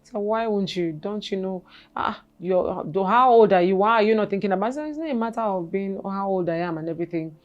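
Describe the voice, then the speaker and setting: Halting woman telling a painful personal story. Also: medium pitch, dull audio. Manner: halting, repeats words, then animated when quoting people. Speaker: guest. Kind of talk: emotional personal storytelling interview.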